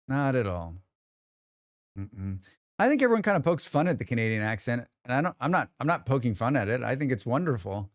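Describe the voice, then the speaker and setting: A man's voice: medium pitch, no echo, clean studio sound. A man with an American accent, chatting casually on a live stream, rambling and reading his chat aloud. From United States.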